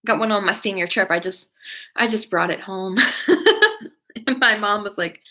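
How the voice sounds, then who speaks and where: A woman's voice: mid-range voice, moderate pace, sharp tone. A young woman hosting a casual live stream, chatting in a rambling way full of "like" and "um" and reacting to viewer comments. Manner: rambling, heavy use of "like" and "um".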